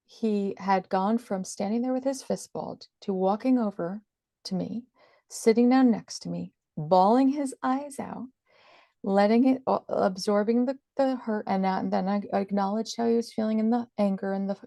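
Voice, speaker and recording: A woman's voice: mid-range voice, vocal fry, mellow, dry recording, clean studio sound. A woman talking as an interview guest, explaining things earnestly and with emphasis. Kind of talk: conversational explaining.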